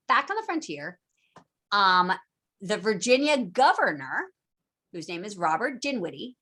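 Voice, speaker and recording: Over a video call, a female teacher delivers a casual, chatty lecture with plenty of energy, playfully voicing historical figures in quotes. Her pitch is high.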